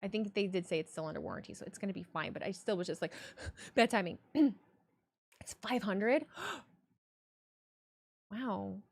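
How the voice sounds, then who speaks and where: A young adult woman streaming live, reading chat and talking in a blunt, profane, animated way. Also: medium pitch, normal speed, vocal fry, pauses often, slightly rough.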